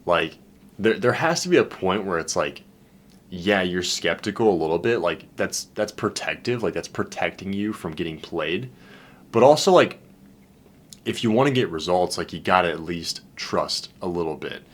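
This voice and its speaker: A man with a low-pitched, expressive voice talks at normal speed. He works as a dating coach, and his casual monologue is profane and candid, with "dude" and "man" in every other line. Looking back on his loneliness, he becomes emotional and heartfelt.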